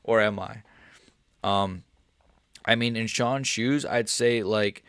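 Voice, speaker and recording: Gravelly, low-voiced man streaming live. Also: fairly even intonation, unhurried, long pauses, a bit bright, no room sound, clean studio sound. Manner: profane, rambling, talks straight to chat. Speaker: MMA livestreamer. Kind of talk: casual livestream chat reacting to viewers.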